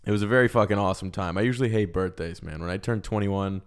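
A young man hosting a comedy podcast, talking in a loud, crude, joking way. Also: low-pitched, steady tone, quick pace, clean tone. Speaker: podcast host. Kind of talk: casual comedy podcast chat.

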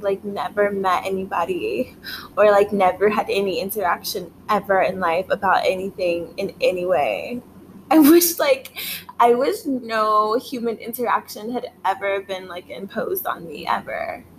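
A woman hosting a casual solo podcast, rambling with lots of filler words, swearing and frequent laughter while she is high. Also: slight background noise. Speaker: podcast host.

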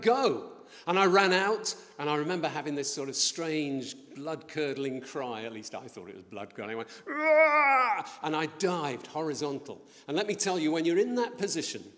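A middle-aged man preaching a sermon, telling a story in a lively way and acting out the voices of the people in it. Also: a little high. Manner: storytelling, animated, acts out quoted voices. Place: church building. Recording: long church reverb.

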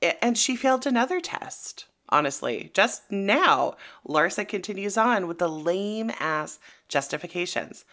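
A woman co-hosting a casual gossip podcast, sarcastic and animated. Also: mid-range voice, unhurried, few pauses. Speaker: podcast co-host.

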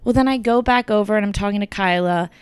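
A young woman telling a story in casual chat, full of "like" and "kinda", quoting people in lively bursts. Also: medium pitch, fast talker, clear, resonant tone, no room sound.

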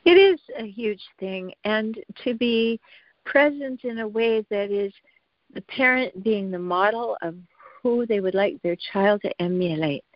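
A woman psychologist being interviewed, explaining in a thoughtful, measured way. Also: mid-range voice, no echo. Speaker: psychologist guest. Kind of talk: conversational interview. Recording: dull lo-fi dry sound.

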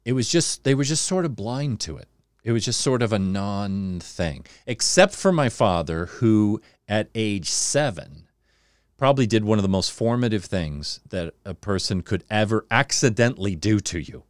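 A man's voice: on the low side, lively intonation, moderate pace, dry recording, clean studio sound. A man in his fifties from Southern California with a Californian accent and a slight Southern twang, telling stories in casual conversation and rambling with restarts. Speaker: podcast guest.

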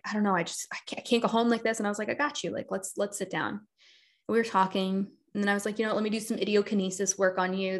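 A woman chatting as a podcast guest, telling a personal story in a lively way and acting out what people said in a higher voice. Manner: animated, acts out quoted people in a higher voice. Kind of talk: casual storytelling.

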